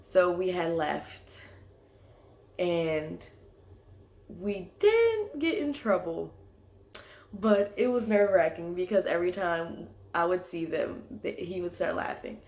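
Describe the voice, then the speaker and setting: A woman's voice: on the low side, very animated, slow pace, a little mellow. A young woman casually telling a personal story, filling her sentences with "like". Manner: chatty, leans on "like" as filler. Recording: echoey room.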